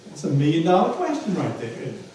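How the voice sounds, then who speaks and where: A male pastor delivers a sermon with a fairly high voice, repeating his points and asking the congregation rhetorical questions. He sounds distant from the mic. The church around him is very echoey, with a faint hum of room noise. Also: huge pitch swings, fast talker, dark tone. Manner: emphatic, repeats phrases, asks rhetorical questions. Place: church sanctuary. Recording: echoey hall from far off.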